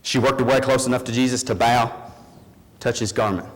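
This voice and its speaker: A man preaching a sermon in a church, telling a story in an animated, emphatic way. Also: mid-range voice, a little fast, big-room sound, poor audio.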